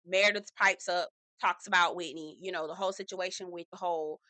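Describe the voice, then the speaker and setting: Sassy woman with a bright, dry voice. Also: fairly low pitch, brisk, dry recording. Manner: sassy, animated, says "girl" often. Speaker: reality TV recap host. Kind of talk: casual recap commentary.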